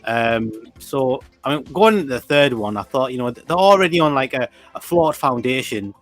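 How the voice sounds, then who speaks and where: A man's voice: mid-range voice, expressive, normal speed, a bit bright, soft background music. A man in casual chat, giving an easygoing take on a film. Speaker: podcast co-host.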